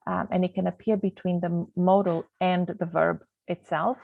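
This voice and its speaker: A woman's voice: on the low side, level tone, moderate pace, vocal fry, few pauses, no echo. A woman teaching a grammar lesson over slides in a chatty way, with many ums, sometimes losing her thread. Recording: tinny phone-like, dry sound.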